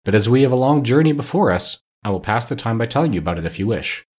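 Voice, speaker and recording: A man's voice: medium pitch, animated, fast talker, darkish tone, husky. A man reading aloud and voicing a courtly male winged monkey king telling a long tale.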